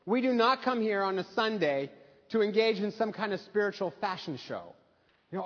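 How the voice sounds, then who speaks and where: Higher-voiced pastor preaching in an echoey church. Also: male voice, big pitch swings, moderate pace, highs cut off. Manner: conversational storytelling with humor. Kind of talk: sermon. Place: church sanctuary.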